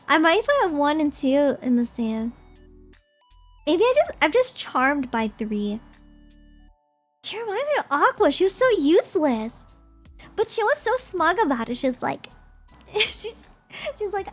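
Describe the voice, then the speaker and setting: High-voiced chatty young woman streamer. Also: very animated, normal speed, pauses often, soft background music. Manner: chatty, rambling, giggly. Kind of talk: casual chat, ranking movies on stream.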